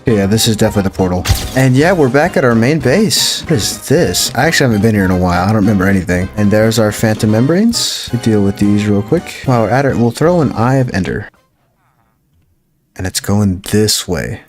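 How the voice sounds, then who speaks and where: Excitable man narrating his gameplay. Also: fairly low pitch, fairly quick. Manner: excitable, thinks aloud, hums tunes. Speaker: gaming YouTuber. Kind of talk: let's play commentary. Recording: game music behind voice. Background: game music.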